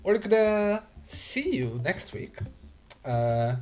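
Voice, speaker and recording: A man narrating a tabletop role-playing game as game master, unhurried and full of fillers. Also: high-pitched, very animated, faint music behind.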